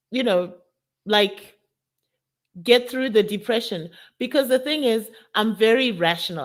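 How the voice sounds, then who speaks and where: Candid woman telling her story. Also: lowish voice. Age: adult with college-age daughter. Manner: candid and emotional, addresses audience as guys. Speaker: summit speaker. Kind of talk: personal testimony talk.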